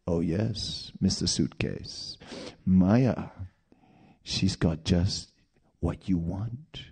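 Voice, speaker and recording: A man's voice: low-pitched, drawn-out words, vocal fry, darkish tone, slightly rough. A man preaching a sermon in a storytelling manner, with rhetorical questions and asides.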